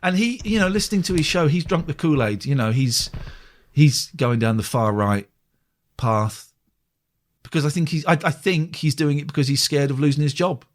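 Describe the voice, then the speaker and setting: A man, a radio presenter, telling stories in a casual interview, animated and swearing freely as he acts out what he said. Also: a little high, normal speed. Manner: animated storyteller who acts out his own quoted lines, swears freely.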